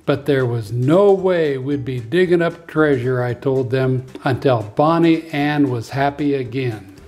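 A man and preschool teacher reading a children's story aloud in an expressive, lively way, with faint music behind. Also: medium pitch, measured pace.

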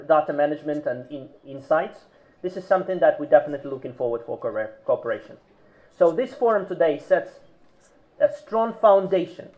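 A man delivering a formal speech at a business forum in a hotel ballroom, hesitant, with restarts and measured emphasis. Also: on the high side. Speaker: conference speaker. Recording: tinny phone-like recording.

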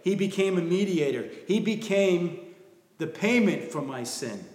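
A man preaches a sermon in a church, earnest and soft-spoken, often falling to a hushed emphasis. His voice sits a little high for a man. The sound is roomy, with a long reverb trailing behind. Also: animated, a little slow. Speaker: pastor. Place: church sanctuary. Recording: echoey room with long reverb.

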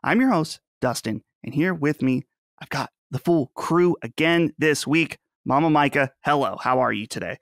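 A man's voice: on the high side, animated, moderate pace, gravelly, dry recording, studio quality. A man in his thirties from Western Pennsylvania, hosting a casual podcast chat in a chatty, joking way. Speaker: podcast host.

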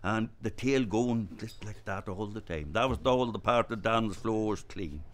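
An older Irish man from Donegal tells a rural tale in a fairly low voice. He tells it in a lively way and acts out voices and gestures. It sounds like a traditional storyteller in full flow. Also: a little slow, a little hiss or hum. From Ireland, Inishowen area.

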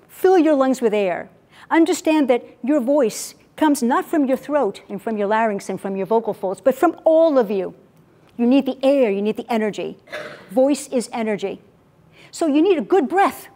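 A middle-aged woman coaching a live audience in a motivational talk, stressing key words by repeating them and coaxing listeners to join in. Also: fairly high pitch. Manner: lively, coaxes the audience to join in. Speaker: public speaking coach. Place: event venue with an audience.

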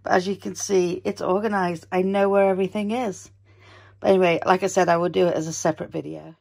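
A woman's voice: on the low side, fairly even intonation, fast talker, vocal fry, a little mellow. A woman with a British accent, chatting casually at home in her vlog, rambling and often laughing at herself. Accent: British English. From Britain. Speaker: vlogger. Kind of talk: casual day-in-the-life vlog.

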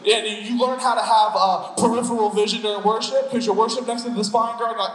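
A male pastor preaching a sermon, telling stories with an animated, playful manner and quick asides. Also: high-pitched, noisy background. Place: church sanctuary. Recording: echoey church hall.

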